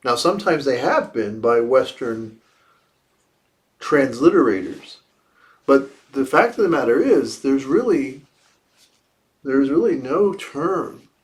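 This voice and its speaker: During a livestreamed evening service, a male Buddhist teacher gives a dharma talk after meditation, speaking slowly and reflectively. His mid-range voice is expressive, and he poses rhetorical questions and repeats key phrases.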